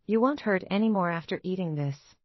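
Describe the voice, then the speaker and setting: A woman's voice: lowish voice, fairly quick, dry recording, lightly acted. A small, desperate girl pleads, her voice cracking, as a woman narrator reads her part. The sound is dry and a little dull. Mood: pleading.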